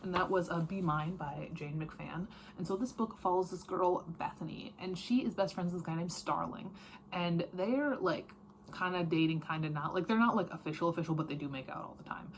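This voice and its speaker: Her voice fairly low and her pace brisk, a book vlogger talks casually and openly about what she's been reading. She wanders, uses plenty of fillers, and corrects herself often, while a little hiss or hum sits underneath.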